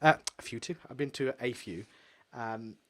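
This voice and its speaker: A young English man co-hosting a casual podcast, blunt and sweary, telling animated stories. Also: mid-range voice, normal speed. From England. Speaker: podcast co-host. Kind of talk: casual chat.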